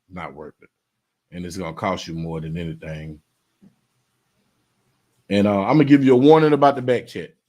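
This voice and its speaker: A man hosting a live stream panel, laid-back and drawling, giving heartfelt advice as he signs off. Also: low voice. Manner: laid-back, drawling and preachy when signing off. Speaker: host of a live stream show. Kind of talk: casual panel chat and sign-off.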